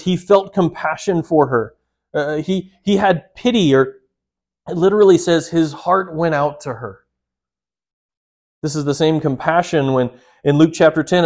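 A man preaching a sermon, earnest and direct, putting questions straight to his listeners. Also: a little high. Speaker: pastor.

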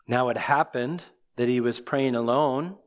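A man's voice: mid-range voice, a little slow. A man preaching an expository sermon, explaining scripture and asking the listeners rhetorical questions.

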